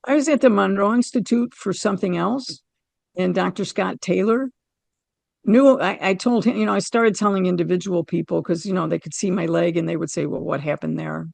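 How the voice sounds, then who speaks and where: A middle-aged woman from the United States, a podcast guest telling a personal story in an animated way and acting out her own quoted lines. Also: fairly low pitch, fairly quick, vocal fry, no room sound. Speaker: interview guest.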